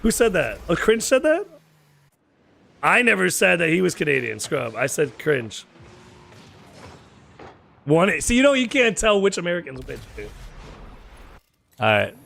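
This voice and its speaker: Gravelly American man streaming a car-soccer game. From United States. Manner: joking, bantering, quick swings between loud excitement and low mumbling. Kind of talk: casual gaming chat with viewers.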